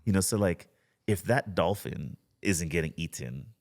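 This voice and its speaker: A man in a casual podcast conversation who tells stories in an easy, rambling way, dropping "you know" into almost every thought. His voice sits low. He sounds like he is talking into a studio mic. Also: a little slow. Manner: relaxed storytelling, frequent "you know" and "like". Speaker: guest, spearfisher.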